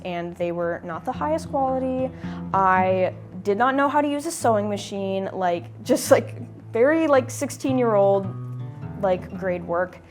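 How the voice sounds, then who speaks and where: A young woman talks through her craft in a documentary interview, loose and chatty, her sentences strung together with "like". Her pitch sits in an ordinary middle range. Music plays clearly underneath. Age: young adult. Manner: chatty, peppered with "like". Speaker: interviewee, fursuit maker. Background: background music.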